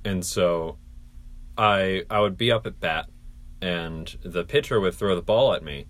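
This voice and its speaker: Deadpan man with a deep voice. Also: a little slow. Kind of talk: casual comedic chat.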